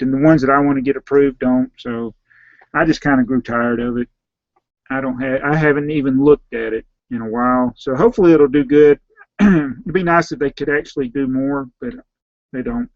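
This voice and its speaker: A man with a Southern US accent, a slightly hoarse YouTube host who reads out viewer names and questions and answers them in a rambling, offhand way. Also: mid-range voice, no echo, highs cut off. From Southern United States. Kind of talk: casual live Q&A.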